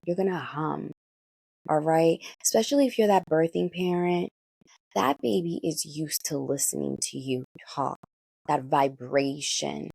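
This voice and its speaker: A woman doula giving parenting advice in a coaching manner, often checking in with listeners and swinging her pitch and pace expressively. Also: gravelly, mellow, breathy edge, no echo.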